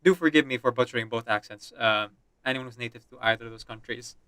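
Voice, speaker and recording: A man's voice: mid-range voice, fast talker, sharp tone, smooth, no echo. A man streaming a game, chatting with viewers and reading the story aloud. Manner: apologetic, chatty.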